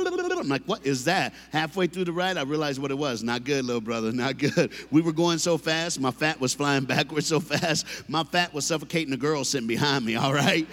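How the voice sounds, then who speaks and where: A man's voice: a little high, fairly bright tone. A man giving a comedic motivational speech, telling stories and acting out voices and sound effects. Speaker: motivational school assembly speaker. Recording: echoey hall reverb.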